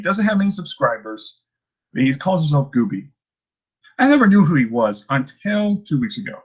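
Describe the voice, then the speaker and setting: A man's voice: a little high, a bit bright, muffled recording. A man ranting in a casual vlog, rambling and exasperated, with many restarts and fillers. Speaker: YouTuber ranting about a commenter.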